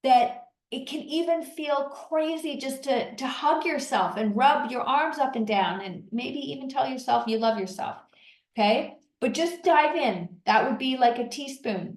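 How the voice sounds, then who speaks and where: Tired woman coaching in an echoey room. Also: a little high. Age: middle-aged. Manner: animated, coaching, guides listener through exercise. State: tired from long day of talking. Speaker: podcast host and coach. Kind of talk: solo podcast teaching.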